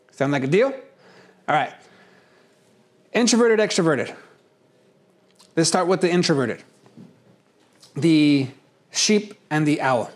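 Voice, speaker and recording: Guy teaching a workshop, chatty and animated, kinda high voice. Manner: conversational, animated, acts out examples. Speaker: speaker teaching personality types. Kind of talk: casual workshop lesson.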